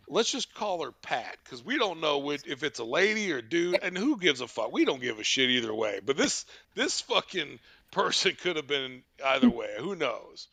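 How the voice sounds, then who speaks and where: A podcast host telling a rambling, profane story, stumbling over restarts as he goes. His voice is raised and bright, with a gravelly rasp, and it jumps around a lot in pitch. The sound is dry and close. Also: no echo. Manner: rambling, profane, laughing retelling. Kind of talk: casual storytelling.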